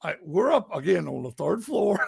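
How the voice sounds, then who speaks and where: Male investigator, lively high voice, animated storyteller. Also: moderate pace, vocal fry, crowd noise. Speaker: paranormal investigator. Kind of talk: casual storytelling on a live stream.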